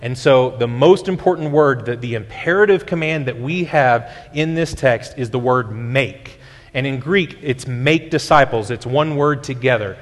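A man's voice: mid-range voice, normal speed. A male pastor, preaching a sermon in a conversational teaching way, often restarting his sentences. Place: church sanctuary. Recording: long hall reverb.

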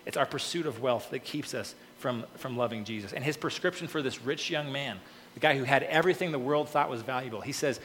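A male pastor preaches in a casual, talky way, breaking up his scripture reading with quick "okay" asides. His voice sits at an ordinary middle pitch. The sound carries a long reverb tail from a church hall, with a faint hum of room ambience behind it. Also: a bit bright. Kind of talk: sermon.

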